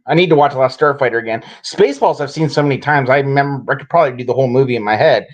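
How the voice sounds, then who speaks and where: A man co-hosting a casual chat, teasing his friend with deadpan jokes. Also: medium pitch, rapid-fire, highs cut off. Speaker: podcast co-host.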